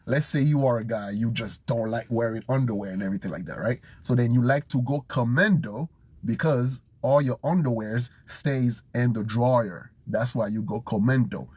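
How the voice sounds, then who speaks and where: Husky man thinking aloud while studying. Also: medium pitch, moderate pace, darkish tone, no echo. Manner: thinks aloud, repeats words, makes up memory tricks. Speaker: language learner streaming his study session. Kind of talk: casual self-study chat.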